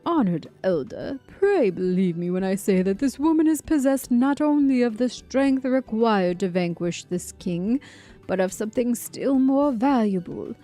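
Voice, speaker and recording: An earnest, formal scholar, read by a woman speaks slowly in archaic phrasing. The voice sits fairly high with a gravelly edge. Soft music plays beneath. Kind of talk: reading game dialogue aloud.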